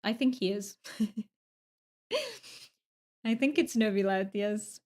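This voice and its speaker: A woman's voice: mid-range voice, takes it slowly, a little mellow. A woman streamer chatting casually while she plays, rambling with fillers and restarts. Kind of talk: casual gaming stream chat.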